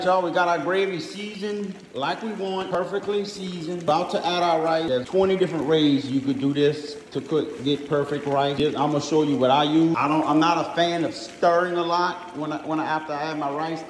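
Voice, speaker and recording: A cook hosts a casual cooking demonstration, filming on a handheld phone and talking folksily straight to viewers. His voice is a little high with fairly even intonation, at normal speed with few pauses, and the sound is roomy and distant with faint background noise.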